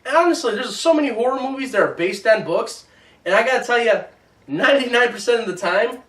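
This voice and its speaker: A man hosting a casual movie review chat, animated and teasing. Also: very high-pitched, fast. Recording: roomy echo, mic at a distance.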